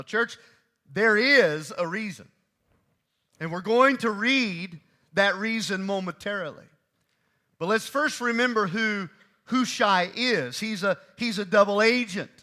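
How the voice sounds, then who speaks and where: A man preaching a sermon with a high voice. His tone is bright and ringing. He drives his points home by repeating phrases and swings between loud bursts and quiet asides. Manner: emphatic, repeating key phrases, voice rising and falling sharply.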